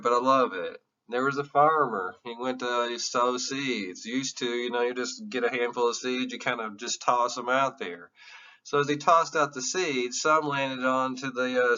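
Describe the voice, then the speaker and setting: A man's voice: medium pitch, sharp tone, distant mic, lo-fi sound. A man giving an emotional, earnest classroom lecture, candid and sometimes swearing. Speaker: teacher.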